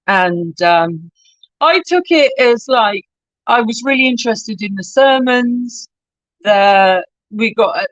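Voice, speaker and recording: West Country woman, middle-aged, mid-pitched, dry and close, candid storyteller. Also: dry recording, poor audio. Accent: West Country English. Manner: candid, swears freely, storytelling. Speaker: podcast guest. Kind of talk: casual podcast chat.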